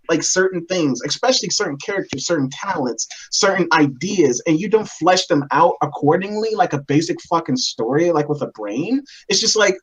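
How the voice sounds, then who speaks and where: A man's voice: high-pitched, breathy edge, poor audio. A man co-hosting a wrestling reaction chat, ranting in frustration. He swears constantly and circles back over the same phrases as he vents. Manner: ranting, swearing, repeats himself. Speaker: wrestling show co-host. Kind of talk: heated casual chat.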